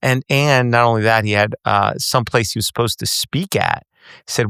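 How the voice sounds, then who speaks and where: A man's voice: lowish voice, moderate pace, vocal fry, fairly bright tone, smooth, no room sound, studio quality. A middle-aged man hosting a casual interview podcast, conversational and wry. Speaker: podcast host.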